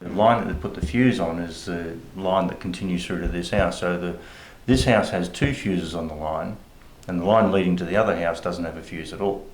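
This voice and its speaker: Deep-voiced calm company representative man. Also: a little fast, hardly any pauses. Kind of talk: explaining a product in conversation. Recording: roomy echo, faint noise.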